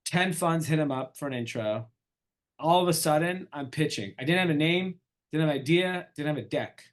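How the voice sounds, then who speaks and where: Speaking at a moderate pace in a fairly high voice, a middle-aged man tells a casual story as a guest on an interview. He is an entrepreneur and an animated storyteller who performs the dialogue he quotes.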